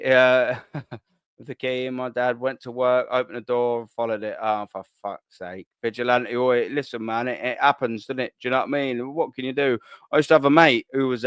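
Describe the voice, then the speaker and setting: A man's voice: mid-range voice, fairly bright tone, clean tone, dry recording. A young man hosting a casual live stream, reading out chat and bantering in a laddish, sweary way with frequent laughs.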